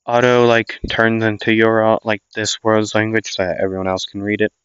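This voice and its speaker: A man's voice: fairly low pitch, fairly even intonation, a little fast, a bit bright, clean tone, dry recording, natural voice. A man voicing a blunt young male hero in a fan-made audio story, laid-back and a little bewildered. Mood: rambling. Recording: dull lo-fi dry recording.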